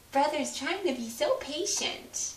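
A woman filming her baby's feeding at home, talking to the baby and the dog in a sing-song baby voice with lots of laughter. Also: high voice. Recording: echoey room with faint noise.

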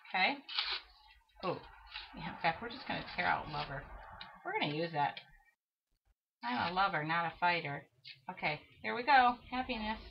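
Woman, middle-aged, live craft tutorial, chatty, self-mocking, faint hiss behind her. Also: mid-range voice. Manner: chatty, self-mocking, talks to herself while working. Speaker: craft demonstrator. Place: craft studio. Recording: dull lo-fi livestream audio with faint hiss.

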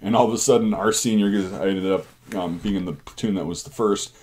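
Low-ish voiced guy telling army stories, rambly, swears a lot. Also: quick pace, a little mellow. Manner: rambling and profane. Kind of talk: casual storytelling.

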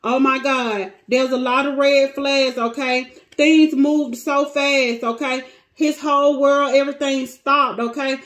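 A woman's voice: sits high, fairly even intonation, unhurried, a bit bright. A woman with giving a casual, emotional tarot reading to her viewers, close to tears. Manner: emotional, dramatic, talks to cards and viewers. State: near tears. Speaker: tarot reader.

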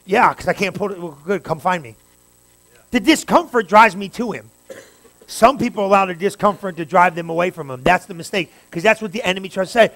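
A man pastor preaching a sermon, talking straight to his congregation and building to fervent, loud stretches. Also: high-pitched. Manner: preaching with rising fervor, direct address to the congregation.

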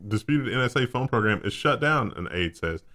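A man with a lower-pitched voice co-hosts a casual tech news show. He reads headlines and tacks on dry, wry asides. His delivery stays relaxed and conversational. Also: moderate pace.

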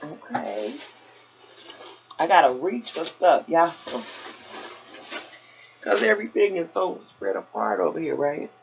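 A woman's voice: lowish voice, sing-song, slow pace, gravelly, long pauses, a little hiss or hum, poor audio. An older woman vlogger chatting casually through a shopping haul, a little out of breath, calling her viewers y'all. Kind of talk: casual haul video chat.

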